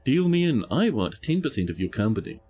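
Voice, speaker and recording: A streamer reading as a greedy spurned ship designer. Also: male voice, medium pitch, sing-song, brisk, dark tone, breathy edge, soft background music. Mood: aggrieved. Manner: indignant, grasping.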